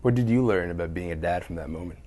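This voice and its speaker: A man's voice: deep voice, quick pace, dark tone, a little hiss or hum. A male interviewer who mostly listens, chiming in with short agreements and asking questions. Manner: brief backchannel, frequent "right".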